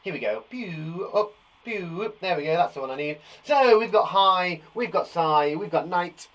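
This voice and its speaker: Upbeat playful male teacher, lively pitch. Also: moderate pace. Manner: upbeat and playful, sings and jokes. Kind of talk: online phonics lesson for young children.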